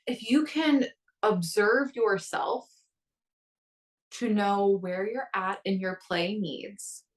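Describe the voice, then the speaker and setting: A woman in her thirties, appearing as a guest coach, chats casually on a podcast and tells stories with energy, acting out her own inner voices. Her voice is medium-pitched and slow, and she sounds far from the mic in poor-quality audio.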